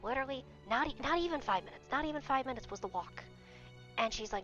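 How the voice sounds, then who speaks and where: A woman's voice: high voice, lively intonation, fast talker, a bit bright. A young woman streamer telling a story in casual chat, exasperated and swearing often. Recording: dull lo-fi stream audio. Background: faint background music.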